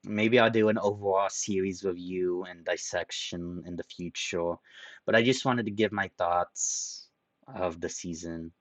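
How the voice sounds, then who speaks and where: Deep-voiced man, emotional and rambling. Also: fairly even intonation, dry recording. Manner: rambling, halting with repeats and ums. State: tearful, emotional. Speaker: video reviewer. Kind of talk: emotional solo review.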